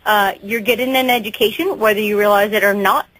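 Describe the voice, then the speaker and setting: A woman's voice: mid-range voice, fairly even intonation, a little fast, a bit bright, rough recording. A woman in her thirties from Texas, calling a radio show, earnest and grateful, rambling a little. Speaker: radio caller. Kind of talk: phone-in call.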